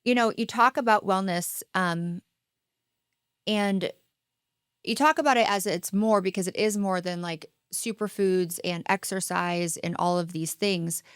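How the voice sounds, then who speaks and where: A woman hosting a podcast who asks thoughtful, measured interview questions. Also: mid-range voice, clean tone, no room sound, clean studio sound. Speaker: podcast host.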